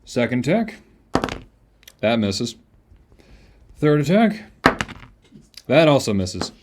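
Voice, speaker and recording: A young man acting as game master, talking briskly about the rules and cracking jokes. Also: medium pitch, very animated, background noise. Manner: brisk, rules-focused, joking. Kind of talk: running a tabletop game.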